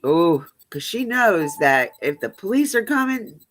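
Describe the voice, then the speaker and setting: A woman's voice: fairly low pitch, sing-song, a little slow, a little hiss or hum. A woman hosting a live stream, telling blunt, profane stories in casual chat.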